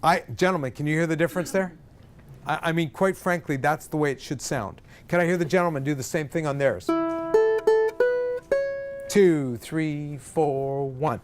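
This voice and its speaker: A man's voice: fairly high pitch, moderate pace, over loud music. A man directing a choir, counting the singers in and singing short phrases to show them. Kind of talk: vocal coaching a group. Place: room with a singing group.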